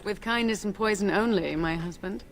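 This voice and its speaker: Poised noble wife, formal and wry , voiced by an actress. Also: female voice, mid-range voice, moderate pace, slight background noise, natural voice. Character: poised noble wife from abroad, dryly witty.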